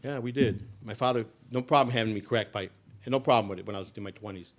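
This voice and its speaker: A middle-aged man from the United States telling his life story bluntly and profanely, dropping to low mutters and then rising to loud outbursts. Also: quick pace. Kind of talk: raw personal storytelling.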